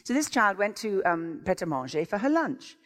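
A woman delivers a sermon with real enthusiasm, her pitch rising and falling in lively swoops. Her exclamatory storytelling carries through a church with a long, ringing reverb. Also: moderate pace. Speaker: visiting preacher. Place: church sanctuary.

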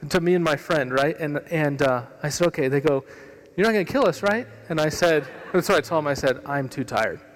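A man preaching a sermon as a pastor, telling a story with humor and lively delivery in a church hall. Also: on the high side, a little fast, hardly any pauses. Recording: long reverb of a hall.

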